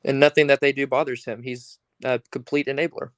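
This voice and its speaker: A man's voice: mid-range voice, little pitch movement, fairly bright tone, no room sound. Earnest man in casual chat. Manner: earnest, opinionated, loose with pauses and fillers.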